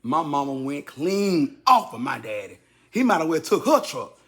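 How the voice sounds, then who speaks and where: At a normal pace, a man in his fifties casually tells his listeners a personal story, addressing them directly and repeating himself for emphasis. His delivery is animated, and his voice shoots high and loud whenever he quotes someone.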